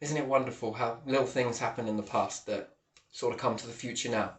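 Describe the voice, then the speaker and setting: A man talking to camera in a casual vlog, rambling and swinging between low mutters and loud, excited exclamations. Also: a little fast, echoey room. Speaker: vlogger.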